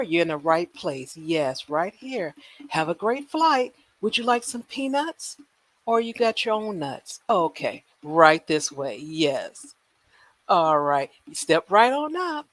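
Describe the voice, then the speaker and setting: A woman's voice: medium pitch, no room sound. A woman playing a cheery airline gate agent and flight attendant in a comic livestream skit, sing-song and teasingly polite.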